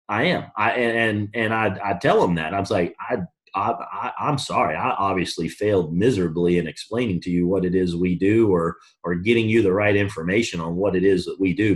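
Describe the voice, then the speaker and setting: A man from the US East Coast leading a team call, blunt and emphatic, coaching in a casual, forceful way. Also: mid-range voice. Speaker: network marketing team leader. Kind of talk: motivational call talk.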